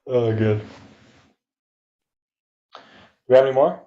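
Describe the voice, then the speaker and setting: A man's voice: mid-range voice, takes it slowly, roomy sound, muffled recording. A man co-hosting a casual podcast chat in an easygoing way, laughing often. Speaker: podcast co-host.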